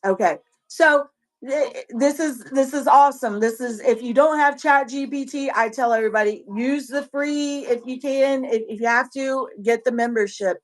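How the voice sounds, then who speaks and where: A woman's voice: high voice, moderate pace. A woman with a Southern US accent on a casual livestream, coaching other sellers in a rambling way, often repeating herself and restarting.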